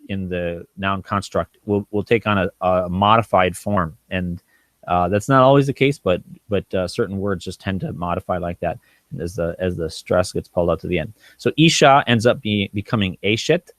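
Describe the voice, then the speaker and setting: Low-voiced man teaching Hebrew, halting. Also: fairly bright tone, no room sound. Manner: thinking aloud, halting with frequent ums and restarts; sounds out Hebrew words slowly syllable by syllable. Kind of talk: informal teaching walkthrough.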